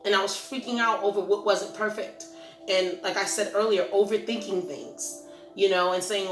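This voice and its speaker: A woman's voice: mid-range voice, fairly even intonation, normal speed. Earnest woman rambling in a roomy echo. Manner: rambling, earnest, self-reflective. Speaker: host of a Christian ministry channel. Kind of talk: casual encouraging talk to camera. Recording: roomy echo with faint music.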